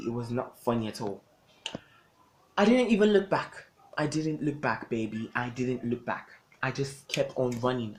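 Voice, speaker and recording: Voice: medium pitch, slight background noise. A young adult vlogger telling a personal storytime to camera, with dramatic, emphatic delivery, loose casual phrasing and lots of repetition.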